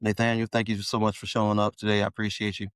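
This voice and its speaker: A middle-aged male podcast host in casual chat, effusive and halting with many restarts. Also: lowish voice, monotone, smooth, no echo. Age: middle-aged or older.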